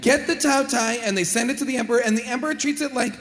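A man co-hosting a live comedy podcast about a movie, rambling excitedly and acting out characters. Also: very high-pitched, rapid-fire, roomy sound, big-room sound. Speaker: podcast co-host. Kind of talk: casual comedic movie chat before a live audience. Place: live stage in a large hall.

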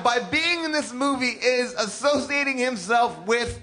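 A man co-hosting a podcast, loud and joking, riffing on a movie with friends. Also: extremely high pitch, very animated, normal speed, hardly any pauses. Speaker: podcast co-host. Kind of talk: casual comedic movie discussion.

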